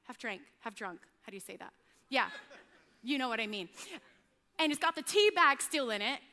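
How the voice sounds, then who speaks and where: A middle-aged woman pastor preaching a sermon, telling animated, self-mocking stories about her home life. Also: a little high, normal speed, long reverb tail.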